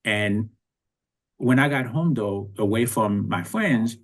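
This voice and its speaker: A man's voice: fairly low pitch, takes it slowly. A man in his sixties from Haiti, telling his life story in a reflective, conversational way as an interview guest. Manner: reflective, conversational, with frequent restarts.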